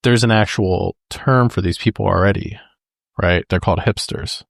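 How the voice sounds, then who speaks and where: A man's voice: low voice, moderate pace, vocal fry, no room sound, clean studio sound. A man co-hosting a podcast, laid-back and conversational, talking a movie over with his co-host. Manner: laid-back, conversational, addresses listeners as folks. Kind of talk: casual movie-discussion chat.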